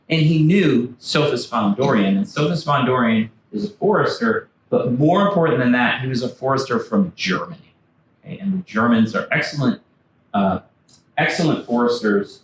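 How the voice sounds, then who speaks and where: A man's voice: medium pitch, lively intonation, normal speed, a little hiss or hum. A man, an author and former backcountry ranger, giving a storytelling slide talk in a library and acting out quoted historical figures. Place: library meeting room. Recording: echoey room from afar.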